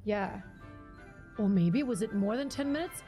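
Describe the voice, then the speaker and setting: A woman's voice: medium pitch, expressive, unhurried, dark tone, faint music behind. A young woman streamer chatting casually with her live chat, giggly and talkative, reading out viewer names.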